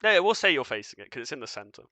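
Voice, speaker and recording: A man's voice: fairly high pitch, very animated, racing, pushed and bright, no room sound. A man narrating as game master of a tabletop game, casual and loose, with fillers and chuckles.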